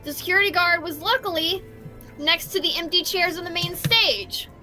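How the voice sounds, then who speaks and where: A young woman narrating as game master of a tabletop game, lively and playful, acting out side characters. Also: very high-pitched, normal speed, faint music behind.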